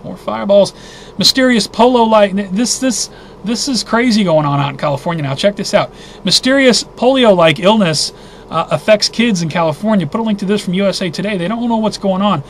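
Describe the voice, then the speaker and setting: A man hosting a casual weekly news roundup, reading headlines and reacting with indignant, halting comments. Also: high voice, expressive, a little hiss or hum. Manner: agitated, indignant, thinking aloud with restarts. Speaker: host of a weekly news briefing.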